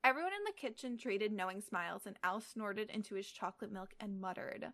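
A woman's voice: mid-range voice, lively intonation, fairly quick, fairly bright tone. A young adult woman reading a story aloud casually, often stumbling and correcting herself with fillers. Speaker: reader. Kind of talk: casual read-aloud of fan fiction.

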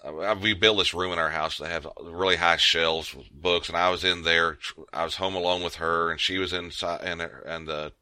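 A man's voice: low-pitched, bright, forceful tone, no room sound. A man co-hosting a podcast in casual chat, rambling with frequent restarts. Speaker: podcast co-host.

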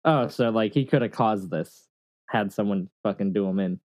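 Low mellow man cracking crude jokes. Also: moderate pace, no room sound. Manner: joking, crude, laid-back banter. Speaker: podcast co-host. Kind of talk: casual chat.

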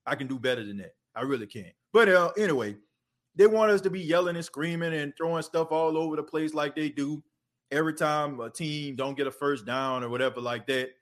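A man's voice: on the high side, a little fast. A man hosting a casual sports podcast, talking loosely and conversationally and using lots of filler phrases. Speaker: podcast host.

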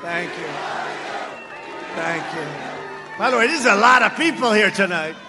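A man giving a campaign rally speech on a stage microphone, boastful and mocking, repeating himself and often shouting. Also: high-pitched, lively intonation, moderate pace, over loud music, a loud crowd. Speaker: political speaker at a rally. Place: large rally before a crowd.

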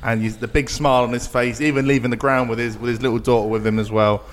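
A man's voice: mid-range voice, steady tone, quick pace. A man appearing as a guest fan on a pub podcast, talking enthusiastically. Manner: upbeat, enthusiastic. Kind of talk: casual pub chat.

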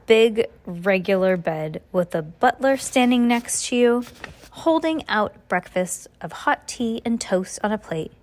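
A woman reading a children's book aloud in a casual way, stumbling on hard words and correcting herself. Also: medium pitch. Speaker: reader.

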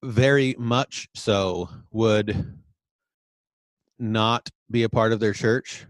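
A man co-hosting a casual talk show, speaking in a relaxed, hesitant way with many fillers. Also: fairly low pitch, drawn-out words, no room sound, studio quality. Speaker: podcast co-host. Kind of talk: casual conversation about preaching.

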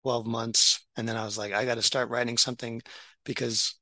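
A man's voice: medium pitch, flat delivery, fairly quick, bright, forceful tone, no echo, rough recording. A middle-aged man, a doctor and writer, talking casually with many restarts and fillers. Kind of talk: casual podcast conversation.

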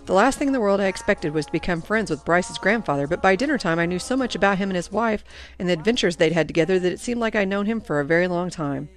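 A woman reading first-person audiobook narration in an earnest, expressive way. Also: lowish voice, quick pace, faint music behind.

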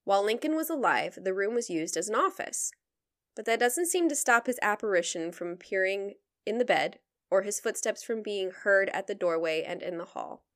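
A young woman hosting a podcast, recounting history at an ordinary middle pitch. She reads from her research in a relaxed, conversational manner and keeps slipping into playful asides and easy laughter. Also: normal speed. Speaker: podcast co-host telling the story. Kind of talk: casual chat, reading researched history.

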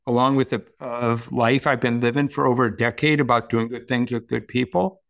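An earnest man recounting a hard personal experience as a guest on a talk show. His voice sits at an ordinary middle pitch, and he speaks in a heartfelt, storytelling way.

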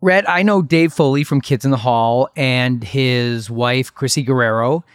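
A man's voice: mid-range voice, a little slow, clean tone, no room sound, clean studio sound, soft background music. A man hosting a talk show, laughing along and trading his own stories. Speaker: podcast host. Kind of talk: casual interview chat.

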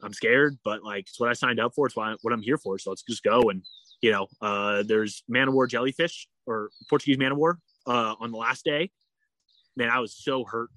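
Lively man telling a story, dry close sound. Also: medium pitch, moderate pace, no echo. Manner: animated, heavy use of "like", acts out quoted dialogue. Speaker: guest. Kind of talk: casual storytelling.

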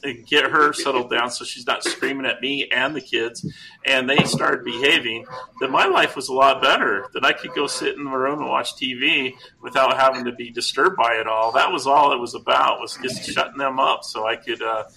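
Middle-aged male podcast co-host, rambling and jokey, bright and gravelly. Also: medium pitch, normal speed, a little hiss or hum, poor audio. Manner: rambling, self-interrupting, jokey. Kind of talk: casual storytelling chat.

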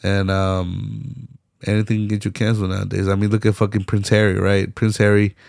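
A man's voice: fairly low pitch, a little fast, gravelly, dry recording, studio quality. A young man hosting his own podcast, talking solo in loose profane slang with plenty of laughter. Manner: profane, animated street slang, frequent laughs. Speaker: podcast host. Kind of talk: casual solo commentary.

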